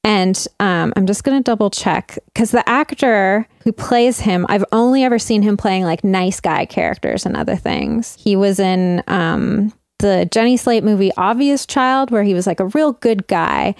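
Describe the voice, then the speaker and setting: A young woman hosting a casual podcast chat, talking in quick asides and laughing often. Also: medium pitch, a little mellow, smooth, no echo, clean studio sound. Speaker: podcast host.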